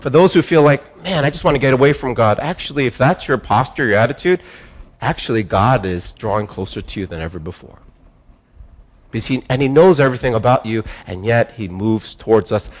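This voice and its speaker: A man preaching a sermon, building phrases up and dropping them low, pausing, repeating words and restarting himself. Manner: emphatic preaching, rising and falling with pauses. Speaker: pastor.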